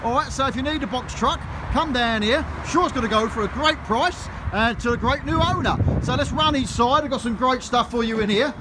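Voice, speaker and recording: A man's voice: very high-pitched, fairly quick, few pauses, noisy background. A middle-aged man from London with a Cockney accent, chatting jokily as he walks through an auction preview and keeps tagging "right?" onto his sentences. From London, England. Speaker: auctioneer giving a preview tour. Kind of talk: casual walk-through chat. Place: auction building, walking indoors.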